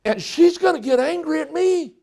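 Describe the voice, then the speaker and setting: A middle-aged male pastor delivers a folksy sermon, with a high-pitched voice. He jokes with the congregation and acts out little exchanges between people. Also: expressive, normal speed, creaky, mellow.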